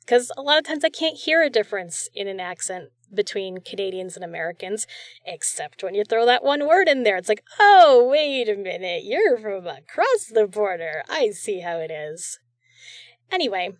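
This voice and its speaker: A woman talks casually as a show host, gushing and chatty, with small restarts as she goes. Her pitch sits in a middle range. The recording is close and dry, with no room sound. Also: dry recording. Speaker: podcast host reviewing audio creators. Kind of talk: casual chat.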